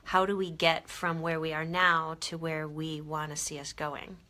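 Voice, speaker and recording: A woman's voice: sits low, little pitch movement, moderate pace, bright, forceful tone. A woman interviewer asking long, rambling questions in a casual interview.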